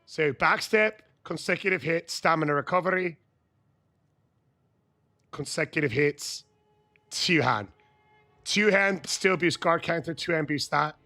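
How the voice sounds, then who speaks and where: A man chatting on a live game stream, loud and hyped, often yelling catchphrases. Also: on the high side, measured pace, pauses often, faint music behind. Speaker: gaming streamer. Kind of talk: live gameplay stream chat.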